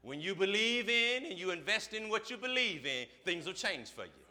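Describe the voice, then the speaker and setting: A man's voice: sits high, very animated, normal speed, bright, forceful tone. A man preaching a sermon to his church, with rhythmic call-and-response phrases and repeated lines. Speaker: pastor. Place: church service.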